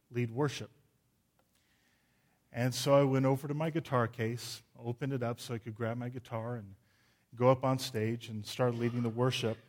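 Earnest man preaching a sermon. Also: medium pitch. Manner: earnest, storytelling, builds with animated swells. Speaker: pastor. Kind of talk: sermon with prayer.

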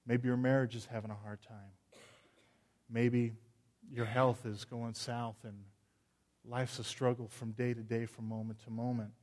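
A middle-aged man preaching, an earnest pastor who prays and then tells stories with animated swells. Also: mid-range voice. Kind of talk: sermon with prayer.

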